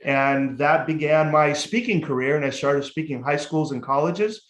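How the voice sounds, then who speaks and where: A man's voice: a little high, moderate pace. Candid man telling his story, echoey room. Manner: lively and candid, casual swearing. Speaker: guest, motivational speaker and life coach. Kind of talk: storytelling in a casual podcast interview.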